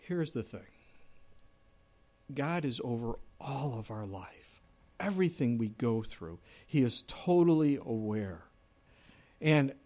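A man's voice: a little high, darkish tone. A middle-aged man preaching a sermon in a conversational way, now and then acting out whiny complaints in a raised voice. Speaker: pastor.

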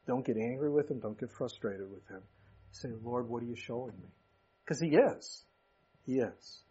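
A husky-voiced male pastor delivers a sermon in a relaxed, conversational way, dropping folksy asides between scripture readings. The recording sounds dull and lo-fi. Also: a little high. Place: church.

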